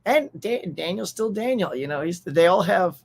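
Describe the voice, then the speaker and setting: With a gravelly, high-sitting voice and lively intonation, an American man hosts a live pop culture stream at a moderate pace. He chats casually and cheerfully, reading out viewer names and chat and laughing often.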